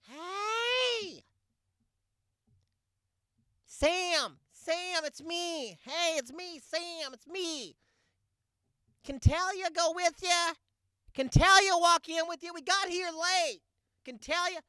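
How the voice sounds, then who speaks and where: A man voicing a frantic, gushing suburban mother yelling from her car window, shrill and breathless, repeating herself over and over. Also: slow, long pauses, no room sound, studio quality, heavily acted.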